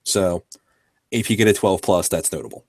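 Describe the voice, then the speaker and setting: A man running a tabletop game as game master, relaxed as he explains the rules plainly. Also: deep voice, normal speed, no echo, clean studio sound. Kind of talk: running a tabletop game over an online call.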